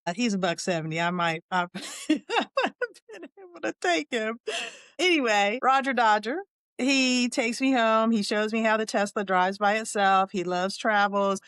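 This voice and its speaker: Woman in her 60s, podcast host, candid funny storytelling, smooth voice, dry close sound. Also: medium pitch, a bit bright, dry recording. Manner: humorous and candid, laughs often, chatty asides.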